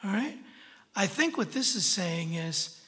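A preacher with a bright, forceful voice teaches through scripture, talking to the listeners in an emphatic, conversational way. The sound carries a long reverb, as in a large hall. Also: mid-range voice, big pitch swings, a little slow. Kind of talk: sermon, verse-by-verse Bible teaching.

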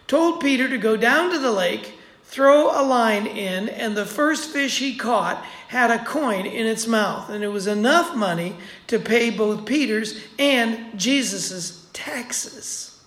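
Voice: mid-range voice, lively intonation, slow, fairly bright tone. A preacher giving a sermon in a conversational way, repeating points for emphasis. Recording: roomy echo.

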